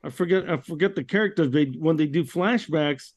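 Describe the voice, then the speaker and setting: A man's voice: a little high, a little fast, dry recording. Laid-back American man, dry close sound. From United States. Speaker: podcast host. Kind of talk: casual chat.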